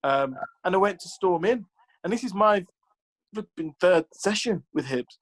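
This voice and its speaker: Chatty former footballer, slightly high voice. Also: male voice, expressive, moderate pace, poor audio. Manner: chatty, lots of "like" and "you know", acts out quotes. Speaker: former professional footballer, guest. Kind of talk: casual interview storytelling.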